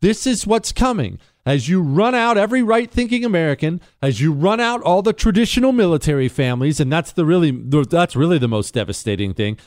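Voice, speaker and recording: A man's voice: animated, fairly quick, hardly any pauses, no room sound, clean studio sound. A man hosting a talk radio show, ranting in a combative, sarcastic monologue and reading ad copy. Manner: combative, sarcastic, jumps between loud questions and low asides.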